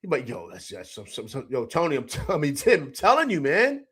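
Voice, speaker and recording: A man's voice: medium pitch, a little fast, husky. A middle-aged man hosting a live postgame sports show, emphatic and repetitive as he reads out comments and answers them. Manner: animated, emphatic, repeats himself, reads chat comments aloud.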